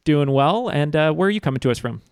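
A man hosting a trivia podcast in casual chat, relaxed and filler-heavy. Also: a little high, fast, clean tone, dry recording, clean studio sound.

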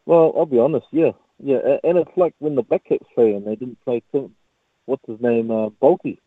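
A man's voice: medium pitch, normal speed, no room sound. A male caller speaks his mind on rugby down a tinny phone line. His voice sits mid-range and sounds dry. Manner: candid, blunt opinions. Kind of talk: phone-in sports chat.

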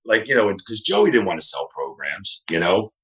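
Low-voiced man telling rambling stories. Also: moderate pace, rough recording. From New Jersey, US. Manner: rambling, animated, acts out quoted dialogue. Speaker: guest. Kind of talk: casual storytelling interview.

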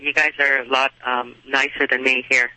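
A woman's voice: very deep voice, flat delivery, normal speed, bright, forceful tone, low-quality recording. A woman from Southern California calling in to a radio show, talking in a hesitant, rambling way with many fillers. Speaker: caller. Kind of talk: phone-in question.

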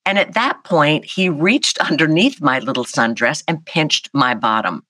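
A woman, telling a personal story as an interview guest in a lively, animated way. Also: low-pitched, unhurried, no echo. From South Carolina, US. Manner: animated, vivid storyteller acting out voices. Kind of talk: storytelling in a conversation.

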